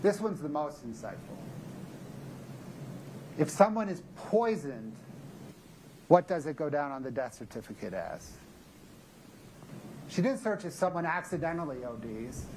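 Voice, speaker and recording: A man's voice: on the high side, sing-song, darkish tone. Male prosecutor, methodical closing argument, faint hiss behind. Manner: measured, methodical, emphatic. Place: courtroom.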